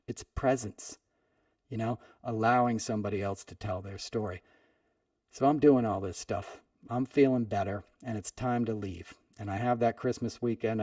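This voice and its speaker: A man's voice: mid-range voice, dark tone, no room sound, clean studio sound, distant mic. A man hosting a podcast, telling a personal story in a conversational way and leaning on "you know" often. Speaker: podcast host. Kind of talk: storytelling monologue.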